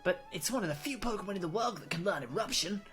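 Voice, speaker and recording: A woman voicing a young trainer girl with a deliberately rough put-on Australian accent, talking low and a bit grumbling. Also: lively intonation, over music, natural voice. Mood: unimpressed.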